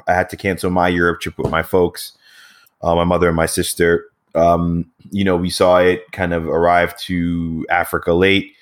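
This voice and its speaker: Low-voiced man interviewing casually. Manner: relaxed, rambling, many fillers. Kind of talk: conversational interview.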